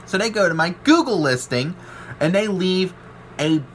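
A man's voice: high-pitched, expressive, normal speed, slight background noise. A man, a welder ranting to his channel about trolls, rambling and aggrieved and acting out what other people said. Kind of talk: ranting to camera.

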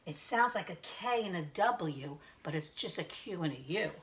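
A woman's voice: on the low side, animated. Sing-song woman teaching preschoolers. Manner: slow, sing-song teacher talk with questions to the kids. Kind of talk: reading a picture book aloud to young children.

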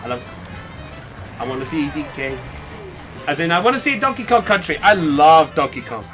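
A male game streamer giving excitable live commentary, laughing often and chatting with viewers. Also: fairly high pitch, normal speed, music in the background.

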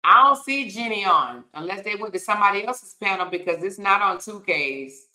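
Brief: woman livestream host, bright voice, laughs a lot, folksy y'all and honey. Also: medium pitch, expressive, moderate pace. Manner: laughs often, drawls y'all, child and honey. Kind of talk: casual live-stream chat reading comments.

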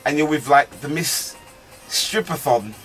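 A man's voice: on the high side, measured pace, a bit bright, soft background music. Jokey radio DJ man. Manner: jokey, laughing, playful teasing. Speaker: radio DJ host. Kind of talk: casual radio interview. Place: radio studio.

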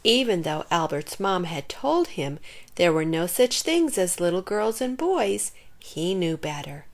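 A woman reading a children's picture book aloud in an expressive storytelling manner. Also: on the low side, unhurried. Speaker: storybook reader.

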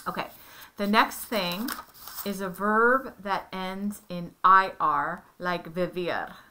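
Slow, patient woman tutoring. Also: fairly low pitch, bright, forceful tone, a little hiss or hum. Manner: patient, explains step by step with examples. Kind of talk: one-on-one Spanish lesson.

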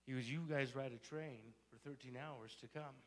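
A man's voice: medium pitch, steady tone, normal speed, fairly bright tone. A male pastor telling a story in a sermon and building to fervent exhortation. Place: church sanctuary.

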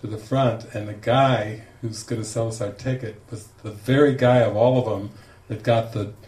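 A man, a spiritual teacher, telling a lively story to a group and acting out the quoted lines with laughter. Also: fairly low pitch, moderate pace. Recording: echoey room, distant mic, faint noise.

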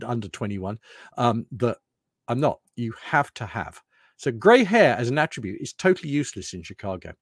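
Lively British man giving a talk. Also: mid-range voice, dry recording, studio quality. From United Kingdom. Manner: rambling, anecdotal, loose restarts. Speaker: presenter. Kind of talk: lunchtime talk.

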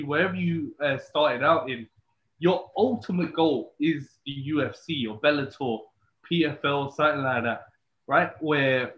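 Higher-voiced host in echoey lo-fi audio. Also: male voice. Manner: loose, repeats "bro" and "yeah" as tag questions. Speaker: podcast host. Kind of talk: casual interview chat.

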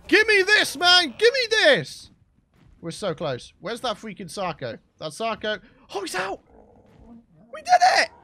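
A high-pitched man commentates his gameplay with big, lively swings in his voice. He exclaims and hurls jokey insults at his pets, sounding a little worn. Soft game music plays behind him. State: losing his voice. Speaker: gaming channel host. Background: game background music.

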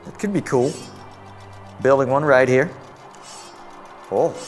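A man's voice: medium pitch, takes it slowly, soft background music. A man giving let's-play commentary on a game. He is jumpy and jokey, exclaiming and laughing as he plays. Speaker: VR gameplay commentator.

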